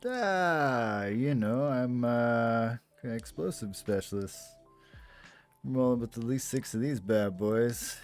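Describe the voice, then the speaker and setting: A man's voice: mid-range voice, takes it slowly, faint music behind, pitched above the performer's own voice. A man voicing a peppy young male clone explosives trooper with an Australian accent. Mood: eager. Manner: upbeat, eager.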